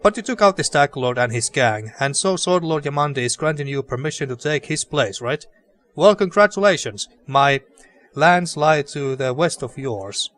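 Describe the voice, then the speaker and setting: A man's voice: on the high side, lively intonation, normal speed, a bit bright. A man reading a haughty, snobbish baron. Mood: condescending. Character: arrogant, dismissive male noble baron.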